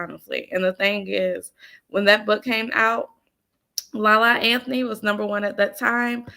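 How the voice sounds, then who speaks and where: A woman with a gravelly edge to her voice delivers a faith-based motivational talk as a business coach. She preaches emphatically, repeats her key lines, and speaks to listeners in a folksy way. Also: medium pitch, a bit bright. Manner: folksy, addresses listeners as y'all and honey.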